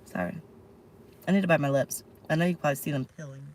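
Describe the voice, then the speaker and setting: A woman's voice: sits low, fast, a little mellow, slight background noise, poor audio. A woman tarot reader talking casually in a vlog, rambling and frank, swearing now and then. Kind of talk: casual spiritual vlog talk. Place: parked car.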